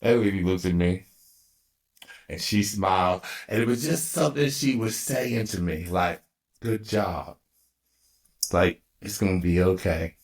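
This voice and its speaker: A man in his fifties hosting his own podcast, telling a personal story with animated energy, laughing often and restarting sentences. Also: sits low, a little slow, pauses often. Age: 50s. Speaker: podcast host.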